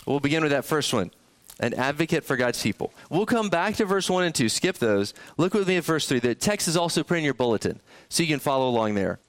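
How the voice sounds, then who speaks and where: In a church sanctuary, a male pastor delivers a conversational sermon, frequently posing questions to the congregation. His voice is fairly high and fast, with lively intonation.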